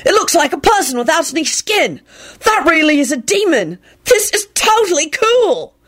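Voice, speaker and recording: A woman voicing an excited, bold young boy. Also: very high voice, moderate pace, pitched above the performer's own voice, full character voice. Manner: exultant, eager.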